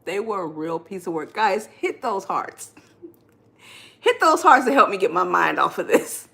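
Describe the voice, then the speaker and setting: A woman's voice: medium pitch, lively intonation, a little slow, vocal fry, fairly bright tone. A woman hosting a live relationship-advice stream who talks to her viewers, reads their comments aloud, and speaks in a preacher-like way. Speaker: podcast host and life coach.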